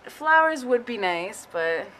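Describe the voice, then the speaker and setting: A woman's voice: a little high, big pitch swings, slow, fairly bright tone, rough recording. A young woman chatting casually in a vlog, giggly and full of filler words. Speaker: vlogger.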